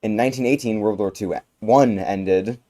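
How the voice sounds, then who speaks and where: A man's voice: on the low side, dark tone. A young man co-anchoring a student news show, reading items from a script with occasional slips. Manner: halting read with slips.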